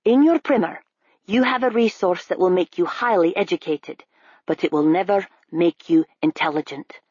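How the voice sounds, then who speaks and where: A blunt older constable with a teacherly bite, as a woman narrator reads him. The voice sits low and husky, recorded dry and a little dull, like a home-studio audiobook. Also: normal speed, darkish tone, no room sound. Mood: earnest lecturing. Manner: blunt, lecturing, sneering at times. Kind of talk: audiobook character voice.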